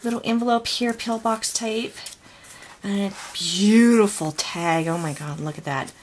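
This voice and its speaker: Slow, gushing woman unboxing crafts. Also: mid-range voice, slight background noise. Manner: gushing, gasping and excited. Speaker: crafter opening a swap package. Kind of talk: unboxing vlog.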